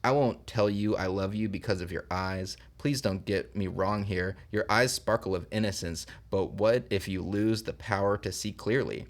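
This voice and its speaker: A man's voice: lowish voice, moderate pace, hardly any pauses, lightly acted. A man reading the part of a charming young man who proposes to his girlfriend, in a script table read. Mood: tender. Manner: earnest, tender romantic delivery.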